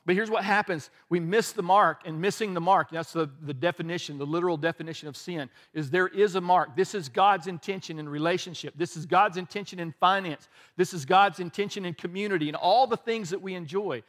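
A man's voice: high-pitched, a little fast, hardly any pauses, fairly bright tone. A male pastor preaching a conversational sermon, candid and self-deprecating, with frequent restarts.

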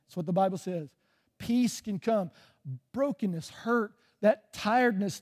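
A man's voice: high-pitched, dark tone. A man preaching a sermon as pastor, conversational, often checking in with "right?".

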